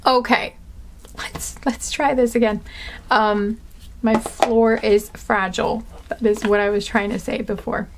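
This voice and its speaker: A woman's voice: fairly high pitch, little pitch movement, unhurried, background noise. A woman with a dry throat giving a casual pick-a-card tarot reading, rambling with lots of fillers and laughing at her own slips. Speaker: tarot reader.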